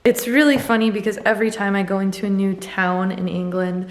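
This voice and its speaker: A woman's voice: mid-range voice, fairly quick. A woman with an American accent talking casually to camera as a travel vlogger, upbeat and chatty with loose fillers. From United States. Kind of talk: casual vlog chat to camera. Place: traveling around cities, indoors and on the street. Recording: handheld vlog audio with steady background noise.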